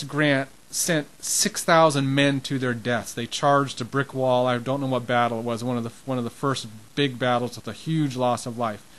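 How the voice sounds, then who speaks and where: A man's voice: medium pitch, low-quality recording. A man preaching an informal sermon in a conversational way, growing impassioned, with frequent restarts.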